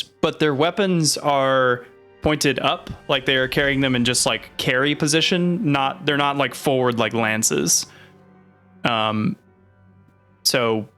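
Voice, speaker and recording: A man's voice: medium pitch, bright, forceful tone. A man narrating a tabletop game as game master, hesitant and full of fillers.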